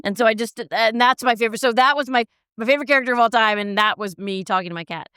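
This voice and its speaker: Smooth-voiced woman telling stories. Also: a little high, very fast, sharp tone, no echo, clean studio sound. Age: middle-aged. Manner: self-deprecating, storytelling. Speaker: guest. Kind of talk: casual chat.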